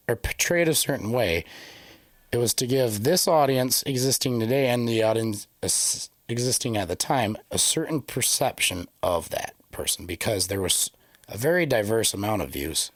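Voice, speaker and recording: A man's voice: medium pitch, lively intonation, a little slow, dry recording, clean studio sound. A man co-hosting a casual podcast, reading scripture passages aloud and then musing and joking about them. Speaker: podcast co-host. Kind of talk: casual religious discussion podcast.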